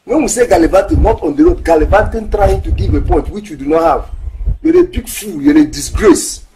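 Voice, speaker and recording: A meddling Nigerian bar patron lecturing a younger man. He sounds high-pitched and preachy, piling on insults. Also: lively intonation, brisk, mellow, a little hiss or hum, rough recording. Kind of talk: Nollywood film acting.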